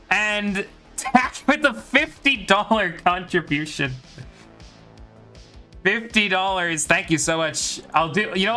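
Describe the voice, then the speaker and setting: Bright, high-voiced man with a light Irish accent. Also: moderate pace, soft background music. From Ireland. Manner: joking, chatty, bragging. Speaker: game commentator and streamer. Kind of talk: live game commentary and chat with viewers.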